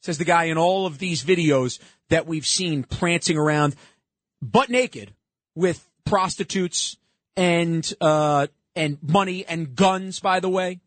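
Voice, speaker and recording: A man's voice: a little high, slow, no echo. A man hosting a talk show, commenting sarcastically on played clips and often cutting in.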